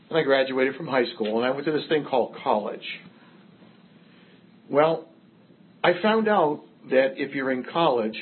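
Older man, recovery speaker, wry storyteller, middle-pitched, lo-fi phone-like audio. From Massachusetts. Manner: wry storytelling, self-mocking humor. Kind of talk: personal recovery story told to a group.

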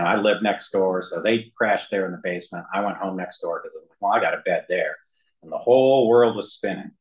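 A man giving a personal testimony to a room and a video call, halting, with many fillers and self-deprecating humor. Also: deep voice, rough recording. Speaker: speaker sharing his recovery story. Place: room with an audience, also streamed to a video call.

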